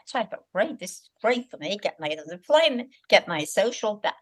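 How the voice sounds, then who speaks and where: A woman in her eighties from Liverpool, a guest telling stories of her working life in a brisk, lively way. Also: medium pitch. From Liverpool, England. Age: 80s. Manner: lively, brisk storyteller who acts out other people's lines. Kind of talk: conversational storytelling.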